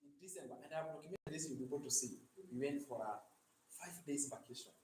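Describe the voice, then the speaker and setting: A man's voice: mid-range voice, quick pace, dark tone, slight background noise. A man gives a motivational live talk as a digital marketing coach, often asking the audience for agreement. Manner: preachy, asks audience for agreement. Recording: echoey room, distant mic.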